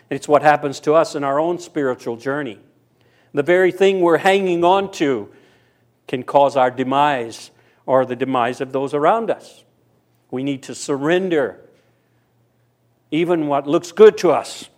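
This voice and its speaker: A man preaching a sermon, telling a story and briefly acting out the people in it. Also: on the high side. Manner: storytelling, voicing characters in quotes. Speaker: pastor.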